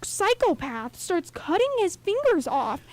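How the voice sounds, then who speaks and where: High-voiced woman ranting on college radio. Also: measured pace. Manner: animated, rambling rant with many fillers. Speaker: radio co-host. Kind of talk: casual radio chat.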